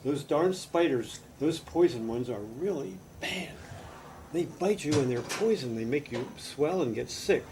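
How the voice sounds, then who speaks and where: A man's voice: on the high side, lively intonation, measured pace, a little hiss or hum, low-quality recording. An older man voicing a caring mother rabbit in a storybook tale, soothing and fussing.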